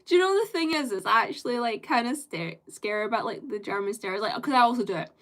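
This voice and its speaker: A woman's voice: fairly high pitch, expressive, fast, fairly bright tone. A woman chatting casually on a live stream, rambling with lots of fillers and casual swearing.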